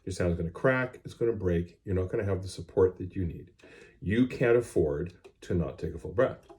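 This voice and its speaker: On a cell phone recording, a middle-aged band teacher addresses his music class in a low, slightly mellow voice. He is expressive and moderately paced. His delivery stays plain, direct and instructive.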